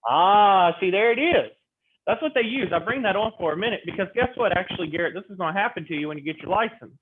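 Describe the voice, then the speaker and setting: A man lecturing a real estate class, acting out clients and agents in quick animated stories. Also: high voice. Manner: animated storytelling, role-playing clients in quotes. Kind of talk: classroom lecture with acted-out examples. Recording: tinny phone-like audio with faint noise.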